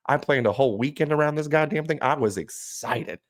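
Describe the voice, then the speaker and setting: A man's voice: on the high side, brisk, no echo, clean studio sound. A man co-hosting a podcast who tells a story in a casual, profane, heated rant. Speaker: podcast co-host.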